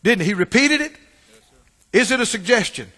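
High-pitched pastor preaching, loud then quiet, long church reverb. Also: male voice, lively intonation, normal speed. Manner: call-and-response preaching, swings from loud to hushed. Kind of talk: sermon. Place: church sanctuary. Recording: long reverb of a large hall.

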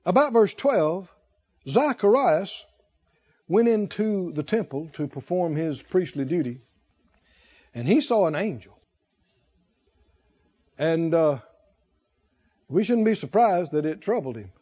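A male preacher giving an animated sermon, exhorting the congregation and laughing often. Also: high-pitched, takes it slowly, long pauses, breathy edge, muffled recording.

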